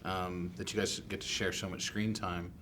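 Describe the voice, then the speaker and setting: A man's voice: sits low, level tone, moderate pace, pushed and bright, slight background noise. A man interviewing two actors, asking casual, rambling questions.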